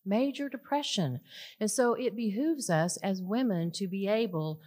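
A woman teaching scripture to a women's audience, emphatic, asking rhetorical questions and pausing for effect. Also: mid-range voice, a little mellow. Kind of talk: sermon.

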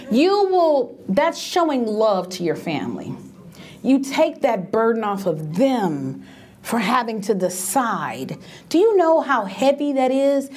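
A middle-aged woman telling stories about grief and end-of-life care, emphatic and acting out the voices she quotes. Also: fairly high pitch. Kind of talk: animated storytelling talk.

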